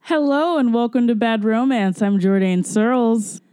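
A woman's voice: fairly high pitch, measured pace, loud music behind the voice. A woman hosting a podcast, chatting in a rambling, giggly way. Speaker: podcast host. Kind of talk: casual chat.

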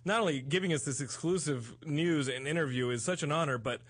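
A male podcast host in casual comedic chat, his voice a little higher than most men's. He pleads and stammers, overly polite as he talks. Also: fairly quick, fairly bright tone, breathy edge. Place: studio in Los Angeles.

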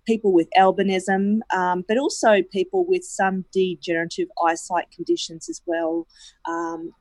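Woman, radio guest, lowish voice, hesitant with ums, dry close recording. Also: dry recording. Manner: hesitant, many ums and restarts. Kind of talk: interview answers.

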